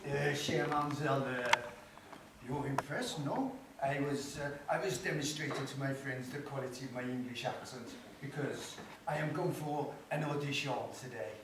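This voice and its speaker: A man's voice: medium pitch, fairly even intonation, a little fast, hardly any pauses, natural voice. Older man as a sly ageing actor faking French charm, chuckling bluff, caught far off in an echoey hall with noise. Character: old male actor posing as a Frenchman, sly ladies' man. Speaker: stage actor in an amateur play. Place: theatre stage.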